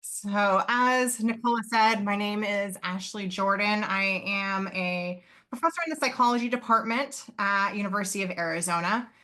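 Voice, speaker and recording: Wanita dosen cerah yang berbicara saksama. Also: female voice, mid-range voice, normal speed, hardly any pauses, sharp tone. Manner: earnest, explanatory, with fillers and self-corrections. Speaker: psychology professor and presenter. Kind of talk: live online conference presentation.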